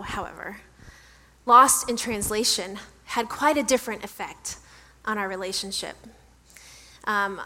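A woman's voice: fairly high pitch, pushed and bright. A woman pastor giving a conversational sermon, chatty and self-deprecating as she tells a story. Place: church sanctuary. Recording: echoey church hall.

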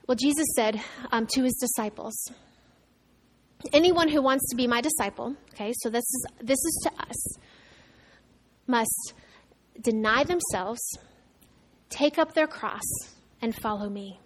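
This woman pastor speaks a little slowly and pauses often, her fairly high voice clear over a slight hiss or hum. She preaches in a chatty way with asides and restarts, alternating loud emphasis with soft hush.

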